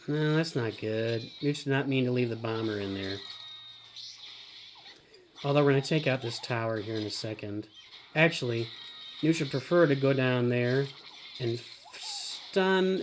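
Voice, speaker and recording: A middle-aged man hosting a live game stream. He gives running commentary, often calls himself by name in the third person, and breaks into excited shouts. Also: mid-range voice, normal speed, a little hiss or hum. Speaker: streamer host.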